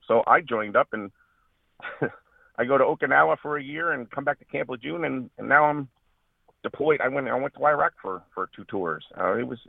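A man, a veteran and radio guest, talking earnestly about his service, halting and restarting often. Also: medium pitch, gravelly, no room sound, phone-quality sound. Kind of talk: radio interview.

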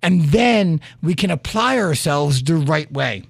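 A man's voice: fairly high pitch, animated, unhurried, vocal fry, no room sound, clean studio sound. A man hosting a podcast, giving an earnest motivational monologue full of stories and "right?" asides. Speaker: podcast host.

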